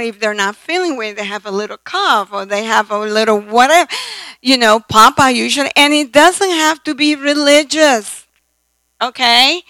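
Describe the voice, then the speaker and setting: Older woman preacher, slow telling of stories, repeats lines to drive a point home, bright tone. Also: high-pitched, no room sound, rough recording. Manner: slow, storytelling, repeats phrases for emphasis. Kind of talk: sermon.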